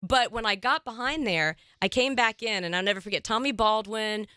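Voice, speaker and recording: A woman hosting a casual interview, an animated storyteller who laughs often and acts out quotes. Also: a little high, brisk, smooth, dry recording, studio quality. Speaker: podcast host.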